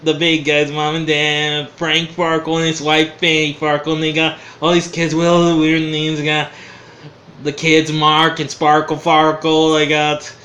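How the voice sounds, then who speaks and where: A man with a bright, fairly high voice talks through an old comedy show in a casual vlog. He rambles at a slow, easygoing pace, chuckling and losing his train of thought. Faint hiss in the background. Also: monotone. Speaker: vlogger reviewing an old TV show.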